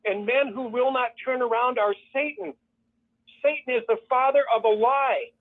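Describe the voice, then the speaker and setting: A man's voice: extremely high pitch, normal speed. A man calling in to a show, talking with fervent, repetitive conviction and mocking the voices he quotes. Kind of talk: impassioned call-in commentary. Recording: tinny phone line.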